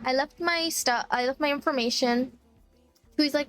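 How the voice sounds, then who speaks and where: A woman's voice: high-pitched, normal speed, a bit bright, faint music behind. A woman streamer chatting casually about a sad trip story, tearful, laughing through tears and full of "like" fillers. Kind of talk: casual chat.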